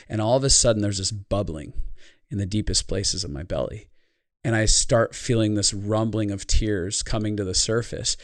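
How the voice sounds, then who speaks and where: A man's voice: on the low side, normal speed, no echo, studio quality. A man who works as a speaker and life consultant, talking in a podcast conversation, telling a personal story in an earnest, reflective way.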